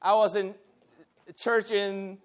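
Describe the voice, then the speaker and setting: Man, high-pitched, animated church teacher, chats with the class. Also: slow. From Taiwan. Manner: animated, talks with the class, laughs often. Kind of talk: lively church lesson.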